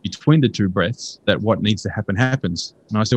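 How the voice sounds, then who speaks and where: An Australian man telling a personal faith story in a casual, earnest and excitable way. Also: fairly quick, breathy edge, poor audio. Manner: earnest, excitable, jumps into high voices for quotes.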